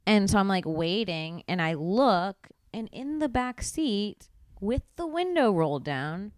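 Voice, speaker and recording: Animated, foul-mouthed young woman storyteller. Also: mid-range voice, a little slow, no echo. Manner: animated storyteller, swears freely, acts out voices. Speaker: podcast co-host. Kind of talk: casual chat.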